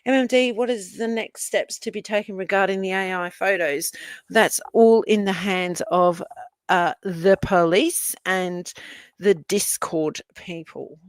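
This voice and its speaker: A woman's voice: on the low side, no echo. A woman with an Australian accent, Italian her first language, hosting a casual livestream and chatting as she reads comments. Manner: chatty, rambling, laughs often. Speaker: livestream host.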